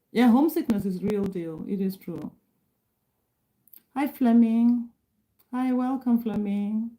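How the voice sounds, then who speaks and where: A woman's voice: a little high, dark tone, rough recording. A middle-aged woman from Kenya chatting casually on a live stream, reading and answering viewer comments, laughing often and restarting sentences.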